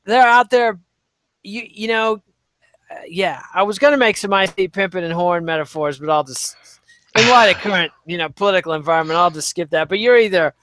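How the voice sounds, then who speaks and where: A man's voice: sits high, a little fast, fairly bright tone, slight background noise. A man co-hosting a casual podcast chat, giving wry, rambling commentary full of "uh" and "you know". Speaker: podcast co-host.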